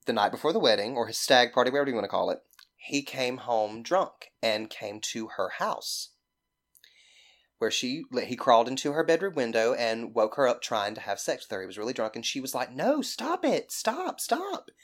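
A woman's voice: very deep voice, brisk. A woman from Mississippi with a thick Southern accent, telling a story casually as a podcast guest, rambling and swearing freely.

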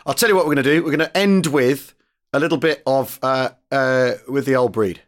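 A man's voice: medium pitch, brisk. A man co-hosting a podcast in casual chat, joking around and laughing easily. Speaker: podcast co-host.

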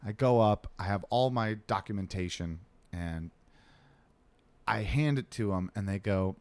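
Animated man telling a story. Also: on the low side, measured pace, dry recording. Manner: animated, swearing, acts out other people's lines. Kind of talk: casual storytelling chat.

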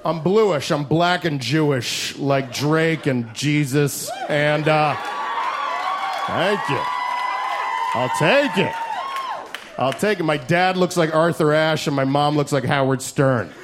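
A man doing a stand-up set in a comedy club, loud and profane, riffing fast and shouting his punchlines. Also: on the high side. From United States. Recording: live club recording with crowd noise. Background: audience laughter and club noise.

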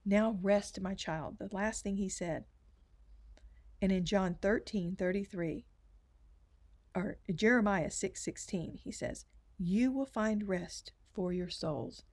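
A woman gives a personal faith testimony in an earnest storytelling manner. She often softens into hushed, emotional asides as she recounts the story. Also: mid-range voice, slow pace, long pauses. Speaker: speaker sharing testimony.

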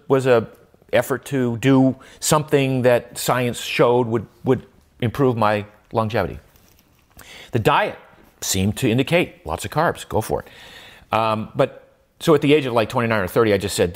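An older man speaks as an interview guest in a mid-pitched voice. He is reflective and talks with many restarts and fillers. His voice rises sharply when he makes a point. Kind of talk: conversational interview.

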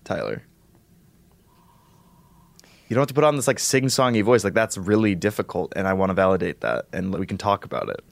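A man's voice: low voice, animated, fairly quick, vocal fry, pauses often, no room sound. A man playing an awkward, earnest male office coworker who voices concern in a hesitant, blunt way in an improvised comedy sketch.

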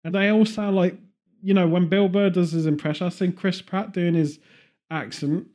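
A man's voice: sits high, steady tone, moderate pace, a little mellow. Chatty man with a Brummie accent. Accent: Birmingham. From Birmingham, England. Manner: rambling, chatty, laughs often. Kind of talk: casual chat.

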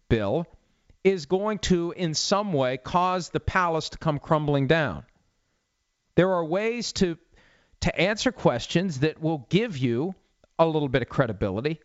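A man's voice: on the high side, no echo, lo-fi sound. A man hosting a solo sports talk show in a studio, arguing with sarcasm and pointed rhetorical questions. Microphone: studio mic with cough button.

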